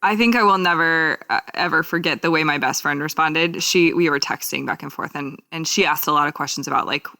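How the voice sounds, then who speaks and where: A woman co-hosting a podcast, chatting casually and earnestly, lively when she reads out funny headlines. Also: low-pitched, a little fast, hardly any pauses. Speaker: podcast co-host. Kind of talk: casual chat.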